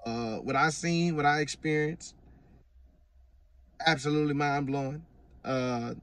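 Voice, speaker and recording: A man's voice: fairly high pitch, measured pace, a bit bright, distant mic. A man giving a casual, earnest personal testimony, rambling with frequent restarts. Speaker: vlogger giving religious testimony.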